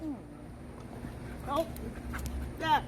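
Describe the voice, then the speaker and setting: Woman streamer chatting slow and sweet to her dogs outside, noisy background hiss. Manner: cooing baby talk to pets. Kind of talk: casual talk to her dogs. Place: outdoors with dogs by water.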